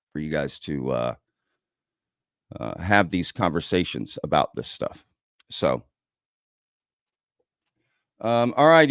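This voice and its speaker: An American man hosts a casual livestream in a lowish voice, chatting loosely, reading out viewers' comments and saying "y'all." The recording is dry and studio quality.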